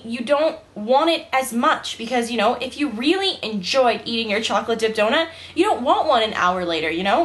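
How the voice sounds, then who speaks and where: A young vlogger with a fairly high, slightly bright voice talks casually to the camera indoors at home. She has just woken up and still has her morning voice. Her monologue rambles chattily, peppered with "like" and "you know."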